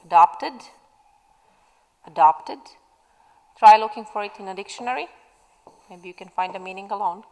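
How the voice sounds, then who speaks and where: A woman's voice: mid-range voice, moderate pace, pauses often, a little mellow, long reverb tail, rough recording. A woman teacher recording a spelling lesson for pupils at home, dictating words patiently from her classroom. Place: classroom at school.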